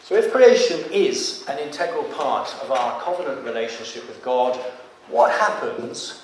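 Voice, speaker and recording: A man's voice: mid-range voice, big pitch swings, normal speed, slight background noise. A man preaching a sermon in a church. He reads scripture aloud with rising force. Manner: rises to loud emphatic reading of scripture. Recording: echoey church from a distance.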